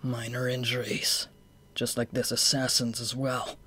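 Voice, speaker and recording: Brief: narrator voicing a menacing young man, scornful, drawn-out delivery, fan audiobook. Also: mid-range voice, flat delivery, breathy edge, pitched below the performer's own voice. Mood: cold. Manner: slow, hushed, scornful. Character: cold, menacing young male swordsman-assassin.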